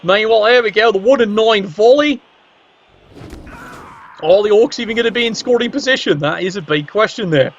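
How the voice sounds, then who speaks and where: A man's voice: high voice, a little fast, pauses often. A man giving casual, wry commentary on a video game match and teasing the players. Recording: dull lo-fi recording.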